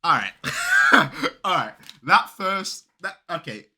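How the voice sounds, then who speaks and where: A man hosting a reaction video, talking in a casual, excitable, rambling way with lots of restarts. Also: a little high, a little slow.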